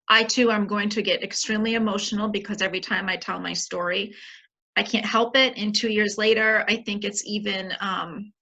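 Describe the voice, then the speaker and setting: A woman from Maine sharing her personal story in an earnest, halting way, with many fillers. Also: mid-range voice, sharp tone. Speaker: guest speaker. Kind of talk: emotional personal testimony. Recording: dull lo-fi audio.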